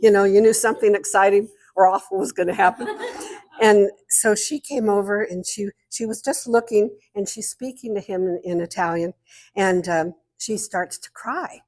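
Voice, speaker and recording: A woman's voice: mid-range voice, moderate pace, darkish tone. A woman giving a talk as guest speaker at an art society, telling a chatty, meandering story and often interrupting herself.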